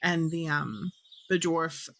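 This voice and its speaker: Woman game master, rambling tabletop narration, lowish voice. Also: slow pace, a bit bright. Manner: rambling, filler-heavy narration.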